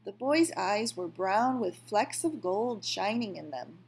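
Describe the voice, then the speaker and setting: A woman calmly reading a children's novel aloud, in a measured storytelling manner. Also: mid-range voice, creaky. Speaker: reader.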